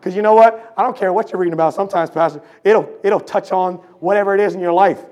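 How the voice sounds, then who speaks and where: Fervent high-voiced preacher with a sore throat. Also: male voice, fast. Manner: emphatic, swinging between loud shouting and low intense asides; fervent, calls out to the congregation. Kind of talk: sermon.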